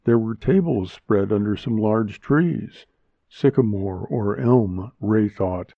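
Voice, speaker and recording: A man reading a story aloud as narrator in a measured, steady manner, in a tinny, phone-like recording. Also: lowish voice, vocal fry, no echo. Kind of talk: audiobook reading. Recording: tinny phone-like dry sound.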